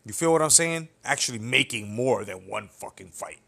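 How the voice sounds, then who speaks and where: A man's voice: medium pitch, animated, normal speed, creaky, a bit bright. A young man who hosts a boxing commentary channel, delivering a blunt, heated, profanity-filled rant that keeps checking in with "you know what I'm saying". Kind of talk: profane ranting opinion video.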